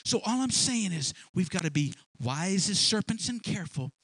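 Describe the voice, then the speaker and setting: High-voiced animated man preaching. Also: normal speed, creaky, a little hiss or hum. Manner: animated preaching with sound effects. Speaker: pastor. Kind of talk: sermon.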